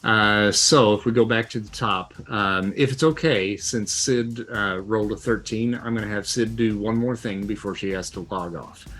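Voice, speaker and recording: Deep-voiced man running an online tabletop game. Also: steady tone, moderate pace, hardly any pauses, fairly bright tone. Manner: patient, explains step by step with many fillers. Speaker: game master.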